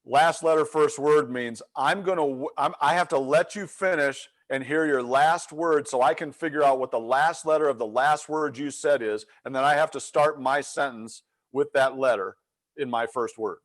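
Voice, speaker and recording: A middle-aged man coaching leadership tells an energetic story in a webinar, complete with acted-out quotes. His voice is on the high side, at a normal speed.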